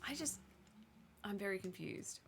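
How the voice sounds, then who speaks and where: A woman's voice: medium pitch, expressive, unhurried, creaky, a bit bright, slight background noise. A woman co-hosting a casual stream, chatting about snacks and teasing her partner. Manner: chatty, laughs often, teasing. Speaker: co-host. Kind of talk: casual snack-tasting chat.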